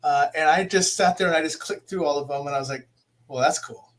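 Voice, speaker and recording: A man with a notably high, light voice hosts a casual live interview, rambling and poking fun at himself. He stops and restarts his sentences often and sounds relaxed and conversational. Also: fast. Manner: rambling, self-deprecating, frequent restarts. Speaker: podcast host.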